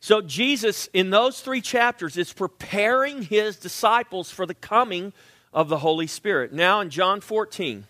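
A man preaching a sermon, animated and emphatic, sometimes dropping to a hush. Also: sits high, measured pace, no room sound, studio quality. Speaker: pastor.

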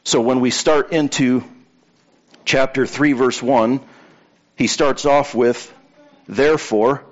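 A man's voice: mid-range voice, muffled recording. A man preaching a sermon to a congregation in a conversational way, telling anecdotes and repeating key points for emphasis. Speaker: pastor.

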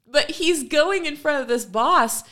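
A woman co-hosting a chat show, retelling a funny video in a lively way and acting out the quoted voices. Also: sits high, unhurried. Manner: animated storyteller, acts out quoted voices, laughs often. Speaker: podcast co-host.

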